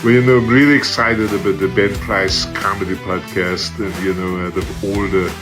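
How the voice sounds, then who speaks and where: A man impersonating a laid-back male celebrity with a loud drawl. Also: low voice, fairly even intonation, normal speed, natural voice. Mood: excited. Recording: guitar music underneath.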